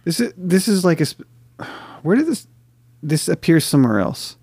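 A man with a slightly husky voice chats as co-host of a casual podcast. He talks bluntly, often stops and restarts mid-sentence, and the sound is dry and close. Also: a little high, sing-song, moderate pace, darkish tone, no room sound. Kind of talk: casual chat.

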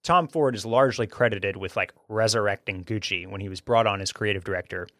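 A man's voice: lowish voice, fairly quick, a bit bright, dry recording. Chatty enthusiastic man, dry sound. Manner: enthusiastic, talkative, frequent restarts. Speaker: podcast host reviewing a film. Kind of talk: casual chat.

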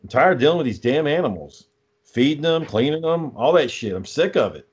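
A man's voice: fairly high pitch, lively intonation, brisk, slightly rough, dull audio. A young man telling a story in casual chat, swearing often and sounding exasperated.

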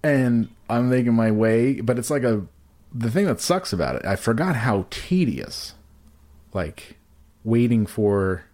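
A man's voice: medium pitch, lively intonation, unhurried, darkish tone. A man telling a crude, rambling comic story in casual podcast chat, full of fillers and restarts.

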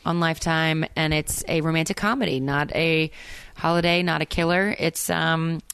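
An actress guest chatting casually, rambling with fillers and self-corrections. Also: female voice, sits low, fairly even intonation, moderate pace, fairly bright tone, smooth, dry recording. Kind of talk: casual chat.

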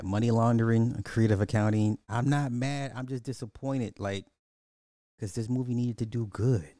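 A man's voice: medium pitch, dark tone, dry recording, clean studio sound. A man hosting a casual live podcast, rambling through movie box office talk and answering chat comments with frequent restarts.

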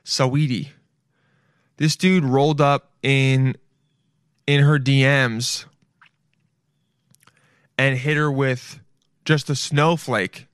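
A man's voice: mid-range voice, fairly even intonation, takes it slowly, pauses often, a bit bright, clear, resonant tone, no room sound, studio quality. A man hosting a podcast, riffing in casual comedic commentary, rambling, swearing and calling the listeners "dude". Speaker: podcast host.

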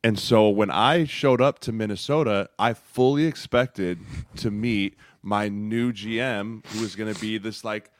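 A man's voice: fairly low pitch, a little slow, few pauses, no echo, studio quality. A man co-hosting a podcast, telling a self-mocking story and rambling with lots of fillers. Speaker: podcast co-host, former football player. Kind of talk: casual storytelling chat.

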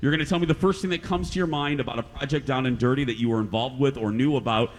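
A man's voice: medium pitch, quick pace. A man hosting a casual chat show, upbeat and joking. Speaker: podcast host.

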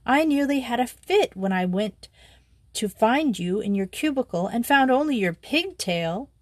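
A woman reader voicing a brisk, blunt twelve-year-old English schoolgirl who talks firmly and scolds. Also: fairly high pitch, animated, darkish tone, dry recording, clean studio sound. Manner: firm, scolding, no-nonsense.

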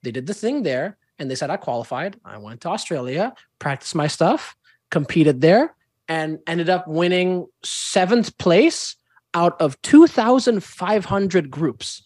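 A man's voice: fairly high pitch, animated, unhurried, a little mellow, dry recording, studio quality. Enthusiastic young man telling stories. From Indonesia. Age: young adult. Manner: enthusiastic storyteller, slips into playful character voices. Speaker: guest, performing arts student. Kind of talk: casual podcast interview.

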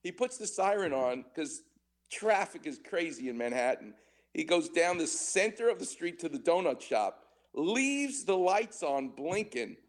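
A man in his sixties hosting a call-in radio show as a doctor, an animated storyteller who laughs often. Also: on the high side, a little slow.

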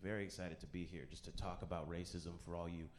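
A man hosting a live comedy panel on stage, deadpan and sarcastic, with halting fillers. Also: low voice, a little hiss or hum. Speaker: host. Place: live stage before an audience.

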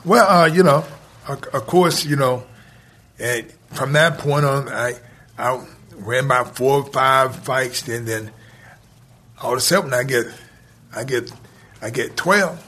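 Husky man telling a story. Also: medium pitch, bright, forceful tone. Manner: drawn-out storytelling with repeated "he said". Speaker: guest. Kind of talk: storytelling in a podcast interview.

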